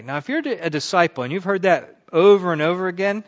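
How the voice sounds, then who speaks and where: A man teaching a Bible lesson like a sermon, talking in a conversational way and swelling loudly on key words. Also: sits high, brisk. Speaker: pastor teaching a Bible class. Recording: dull lo-fi recording.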